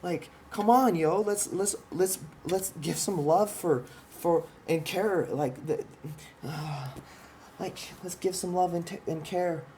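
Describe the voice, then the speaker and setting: A man's voice: sits high, slow pace, a little mellow, a little hiss or hum. A man in a rambling, profane, impassioned monologue who keeps restarting his sentences and explains while pointing at a drawing. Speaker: vlogger explaining his ideas.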